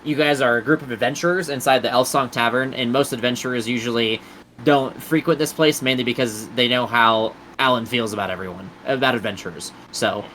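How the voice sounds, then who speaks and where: A man's voice: medium pitch, brisk, pushed and bright, a little hiss or hum, poor audio. A man narrating and running a tabletop role-playing game in a casual, rambling way. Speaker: game master.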